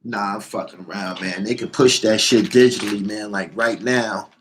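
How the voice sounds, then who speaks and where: A man ranting loudly and profanely, reading out comments and answering them heatedly, repeating his lines for emphasis. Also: on the low side, fairly even intonation, moderate pace, slight background noise. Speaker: show host.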